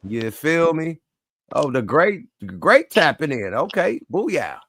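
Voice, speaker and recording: A man's voice: fairly high pitch, sing-song, slow pace, a bit bright, dry recording. A man hosting a casual livestream chat, talking in loose, profane, laughing banter. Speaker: livestream show host.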